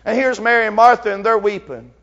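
A man's voice: sits high, steady tone, quick pace, a bit bright, highs cut off. A man in his fifties preaching a sermon fervently, with frequent filler sounds between phrases.

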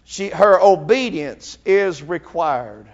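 A man's voice: sits high, lively intonation, slow pace, lo-fi sound. A man in his fifties preaching a sermon fervently, with frequent filler sounds between phrases.

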